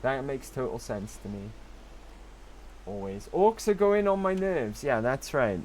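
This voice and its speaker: A man's voice: medium pitch, sing-song, measured pace, a little mellow, a little hiss or hum. A middle-aged man streaming a game live, chatting casually and teasing viewers with jokes and the odd curse word. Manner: joking, teasing banter with occasional swearing. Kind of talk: casual live-stream chat while playing.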